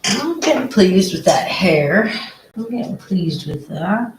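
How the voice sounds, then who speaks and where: A live-stream painter talking casually while working, muttering to themself, repeating words as the brush moves and often dropping to soft whispers. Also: medium pitch, very animated, slow pace, noisy background. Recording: roomy echo.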